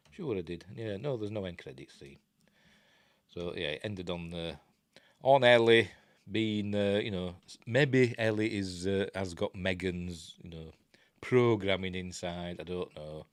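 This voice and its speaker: A man's voice: sits low, measured pace, no echo, studio quality. An older man with a Yorkshire accent, casually talking through a film review with rambling, self-interrupting chat and wry asides. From Yorkshire, England.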